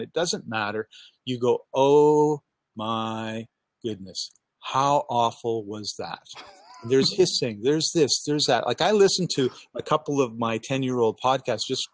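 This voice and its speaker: A man's voice: medium pitch, dry recording. Chatty man on a headset outdoors. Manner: enthusiastic, rambling, acts out his own thoughts. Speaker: podcasting coach. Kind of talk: casual video call chat. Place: outdoors on a backyard balcony.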